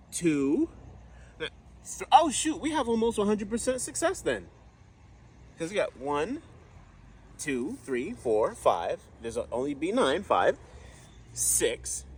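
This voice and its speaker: A man's voice: a little high, slightly rough. A man casually narrating a garden vlog outdoors, chatty and counting plants aloud as he goes. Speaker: vlogger gardener.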